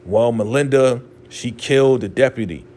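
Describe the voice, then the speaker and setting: A man's voice: mid-range voice, normal speed, a little mellow, natural voice. A man voicing an ashamed, frightened older female cult elder who apologizes and stammers.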